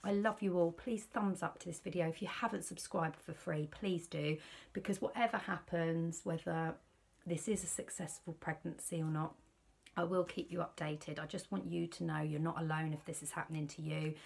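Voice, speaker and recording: Worried British woman, low and husky. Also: fairly even intonation, moderate pace. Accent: British English. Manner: worried, rambling, confiding. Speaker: vlogger. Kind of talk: candid personal vlog.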